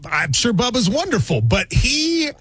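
A male sports radio host bantering with his co-host, animated and self-deprecating, jumping into higher exclamations. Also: measured pace, slightly rough. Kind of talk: casual banter on a sports show.

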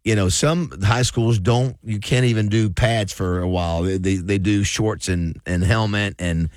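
A man's voice: fairly low pitch, unhurried, a little mellow, no room sound, studio quality. A man hosting casual radio chat, rambling through stories with many fillers and restarts. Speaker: radio show host.

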